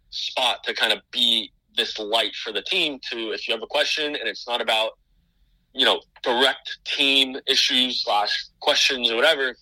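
Man, business owner guest, very bright voice, dry close sound, loose rambling podcast talk. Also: medium pitch, no room sound, rough recording. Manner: rambling, many restarts and fillers. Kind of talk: casual podcast chat.

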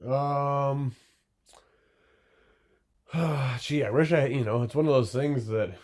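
A man's voice: medium pitch, slow, darkish tone. A young man talking casually as a guest in an interview, rambling with lots of fillers and tag questions. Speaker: glassblower guest.

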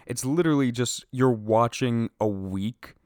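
A man's voice: medium pitch, unhurried, darkish tone, dry recording, studio quality. A young man co-hosting a casual movie review chat, rambling with lots of "like" and restarts. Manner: rambling, heavy use of "like", hesitant restarts. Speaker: podcast co-host.

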